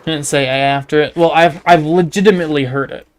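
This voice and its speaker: A man with a Canadian accent and a fairly high, steady voice talks fairly quickly while streaming a game live. He's a rambling, joking storyteller, keeping up casual commentary on his gameplay.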